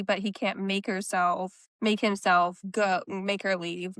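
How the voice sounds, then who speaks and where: A woman's voice: medium pitch, little pitch movement, slow pace, few pauses, fairly bright tone, clear, resonant tone, no room sound. A woman co-hosting a book podcast, recapping chapters in casual chat and quoting the characters' lines in her own voice.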